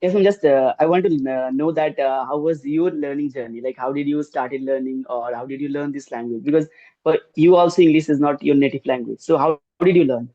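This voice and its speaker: A man's voice: on the high side, brisk, no echo. A man from India with an Indian accent, an English teacher hosting a casual interview, hesitant and deferential, with many fillers. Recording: dull, dry lo-fi mic.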